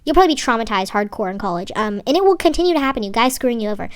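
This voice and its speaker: A woman's voice: fairly high pitch, animated, very fast, clear, resonant tone. A young woman, recapping a TV episode in a chatty, slangy way with rambling asides and swearing. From San Francisco Bay Area. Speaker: TV show reviewer. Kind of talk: casual recap vlog.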